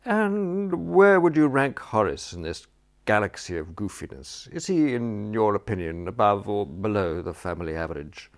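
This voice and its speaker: A suave, dryly amused old lord who coaxes a story out of his companion, as a man reads him aloud. His voice rides higher and lighter than the narrator's in a storybook reading. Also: big pitch swings, normal speed. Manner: polite, dryly amused, coaxing. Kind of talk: audiobook character voice.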